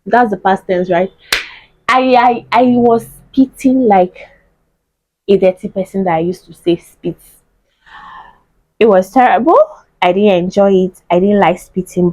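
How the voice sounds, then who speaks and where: Chatty woman, mellow dry sound. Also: medium pitch, no room sound, lo-fi sound. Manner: animated, chatty storytelling. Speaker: vlogger. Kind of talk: casual chat to camera.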